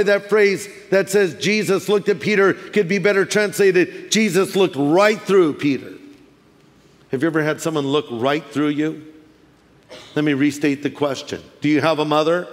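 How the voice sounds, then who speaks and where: A man preaching in a large church auditorium, his voice carrying a long hall reverb. He talks in a lively, storytelling way, slipping into funny voices, with a slightly high tone for a man. He has a light Californian accent. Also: normal speed. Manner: animated, acts out quoted voices with humor. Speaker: pastor. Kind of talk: sermon.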